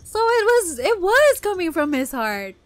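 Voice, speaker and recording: A woman hosting an anime reaction video, talking casually and gushing with excited exclamations. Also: very high-pitched, measured pace, no room sound.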